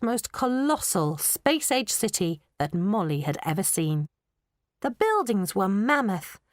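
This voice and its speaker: Animated woman reading a children's book. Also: mid-range voice, dry recording, clean studio sound. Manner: expressive storytelling. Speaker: audiobook narrator. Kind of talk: scripted narration.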